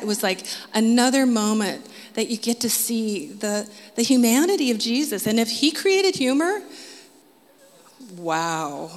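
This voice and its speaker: Woman sharing her testimony, lively storytelling, laughs often, heard in a reverberant hall. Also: on the high side. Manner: animated, laughs often, quotes Jesus and others in her telling. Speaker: testimony speaker. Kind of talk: personal testimony, casual storytelling.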